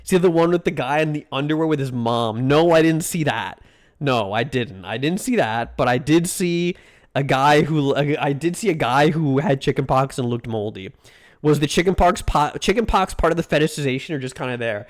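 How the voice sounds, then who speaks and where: A male streamer chats live with his viewers in a loose, rambling way, trading crude jokes and dragging out food names. His voice sits a little higher than most men's. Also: lively intonation, moderate pace. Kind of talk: casual live-stream chat.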